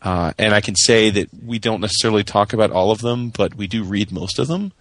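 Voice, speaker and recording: A man co-hosting a podcast, talking in a measured, earnest way about upcoming releases. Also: lowish voice, fairly bright tone, dry recording. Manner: measured, earnest, plugs pre-orders. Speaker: podcast co-host. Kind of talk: casual chat with announcements.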